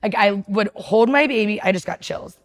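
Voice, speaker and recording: A woman's voice: mid-range voice, normal speed. A woman in her thirties candidly telling a personal story, blunt and profane, often laughing and acting out what people said.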